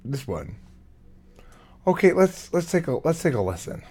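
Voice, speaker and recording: A man hosting a podcast, introducing a guest in a slow, playful way and swearing freely. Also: fairly high pitch, sing-song, darkish tone, slightly rough. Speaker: podcast host.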